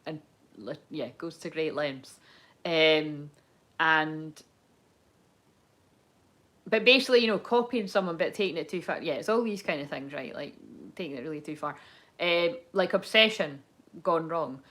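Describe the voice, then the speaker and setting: She's a young adult tarot card reader doing a casual reading, talking frankly and at length with plenty of swearing and laughter. Her voice sits low with a fairly bright tone, unhurried and full of pauses.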